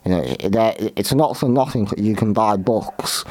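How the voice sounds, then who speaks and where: A man hosting a show, talking through history in a halting way with many restarts and fillers. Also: fairly low pitch, darkish tone. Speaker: podcast host. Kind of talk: unscripted history commentary.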